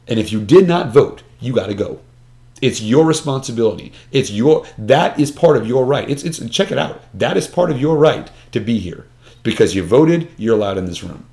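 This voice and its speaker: A man's voice: medium pitch, a little mellow. A man in casual discussion, earnest and emphatic, often restarting his sentences with repeated words. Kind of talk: conversational discussion.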